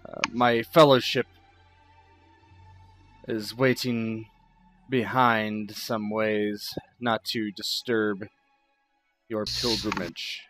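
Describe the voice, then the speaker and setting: A man playing a slow, grave ranger. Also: lowish voice, level tone, a bit bright, soft background music. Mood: earnest. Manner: slow, formal declarations. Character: grave male ranger, earnest and reserved.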